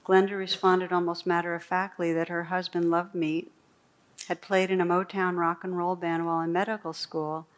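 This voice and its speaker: A woman meditation teacher giving a dharma talk, reading a true story aloud in a slow, gentle storytelling voice with soft pauses. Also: on the low side, flat delivery. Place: meditation hall.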